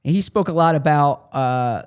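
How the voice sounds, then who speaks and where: A man's voice: fairly high pitch, unhurried, smooth. Male podcast co-host, sports beat reporter, casual and rambling delivery. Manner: rambling, many restarts and fillers.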